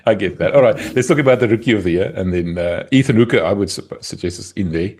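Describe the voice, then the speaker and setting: A South African man co-hosting a rugby podcast, chatting casually with a relaxed, wry, teasing manner. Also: fairly low pitch, quick pace. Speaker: podcast co-host. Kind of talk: casual chat.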